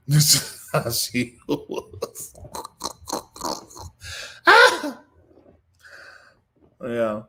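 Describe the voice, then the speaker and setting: Slight background noise accompanies this male livestream host, whose medium-pitched voice is bright and forceful. He speaks to viewers like a preacher, emotional and laughing through grief, reading out and responding to their comments with greetings.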